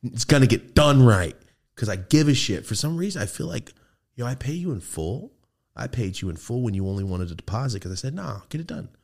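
A young man co-hosting a casual podcast, ranting in an animated way and swearing freely. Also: mid-range voice, brisk. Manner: animated ranting, swearing, jumps into shouted impressions. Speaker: podcast co-host.

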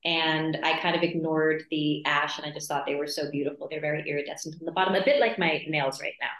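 A woman guest talks through her stories in a relaxed interview, animated and quick to laugh. Her voice sits on the low side, and the sound is roomy, with a clear echo from the space around her. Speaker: actress guest. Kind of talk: casual interview chat.

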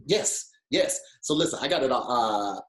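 A man's voice: a little high, lively intonation, normal speed, echoey room. A man in a casual video-call chat, eagerly explaining things step by step over an unstable connection.

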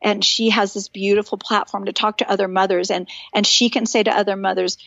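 A woman's voice: mid-range voice, level tone, a little fast, gravelly, fairly bright tone, dry recording, dull audio. A woman in her fifties, a guest author, telling stories animatedly in a casual podcast conversation and acting out the voices she quotes.

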